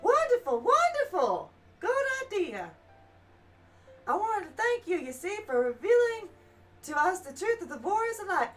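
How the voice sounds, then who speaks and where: Lady doing a squeaky southern scribe guy, super polite, begging to help, mic kinda far. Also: very animated, normal speed, faint music behind. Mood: courteous. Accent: put-on Southern US. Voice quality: high-pitched, drawling. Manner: over-polite, eager to please. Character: eager fawning male scholar scribe, high-voiced.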